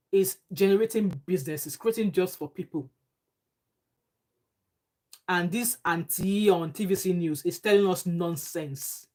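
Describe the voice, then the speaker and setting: A Nigerian woman vlogger giving emphatic, indignant casual commentary with pidgin phrases. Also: medium pitch. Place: home abroad.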